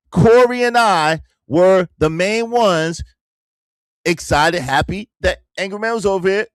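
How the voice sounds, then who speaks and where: Animated man hosting a livestream from a car. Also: high-pitched, moderate pace, smooth, no echo, clean studio sound. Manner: animated, repeats phrases, shouts out viewers. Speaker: livestream host. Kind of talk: casual livestream commentary.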